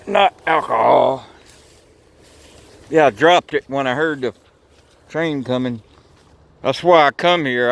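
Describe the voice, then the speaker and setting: Slow-talking folksy man outdoors. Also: on the high side. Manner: rambling, folksy, swears casually. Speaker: vlogger. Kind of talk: casual outdoor vlog narration. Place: outdoors by railroad tracks.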